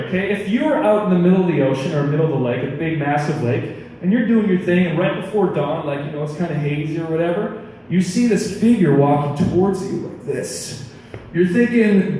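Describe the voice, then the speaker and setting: A youth pastor gives a casual sermon, animated and chatty, telling stories loosely and conversationally in a slightly high voice at a fairly quick pace. The mic is far off in an echoey hall, with long echo tails and faint room noise.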